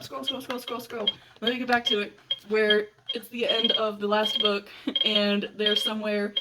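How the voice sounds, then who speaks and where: A young woman ranting excitedly in a casual book review, gushing and giggling often. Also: fairly high pitch, a little hiss or hum, rough recording.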